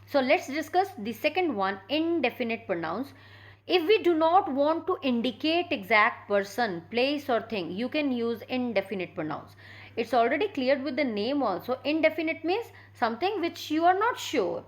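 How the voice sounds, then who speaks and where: High-voiced woman teaching. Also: sing-song. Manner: explains step by step, often pausing with "uh". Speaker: English teacher. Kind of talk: classroom grammar lesson.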